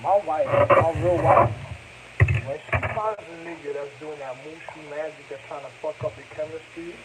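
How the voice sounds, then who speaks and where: A man's voice: a little high, steady tone, moderate pace. A man telling rambling stories in casual chat, often breaking into laughter and snatches of chanted song. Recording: noisy recording.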